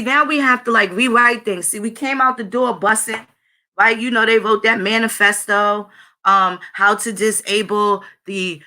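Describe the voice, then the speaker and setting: Blunt, emphatic woman with a bright voice. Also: sits high. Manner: emphatic, blunt, profane, conversational. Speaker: host of her own video channel. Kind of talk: casual spoken monologue.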